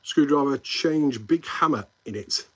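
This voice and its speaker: A man with a Midlands English accent chats through a casual live stream and keeps calling his viewers mate. His voice is a little husky. He rambles between topics and reads comments out before answering them. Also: mid-range voice, a little slow. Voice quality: friendly banter with viewers, calls them mate.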